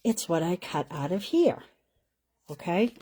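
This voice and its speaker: A woman's voice: lowish voice, sing-song, unhurried, warm tone, slightly rough. A woman hosting a live card-making class from home, chatting casually as she colors and assembles cards, often trailing off mid-sentence. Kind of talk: casual live craft demonstration.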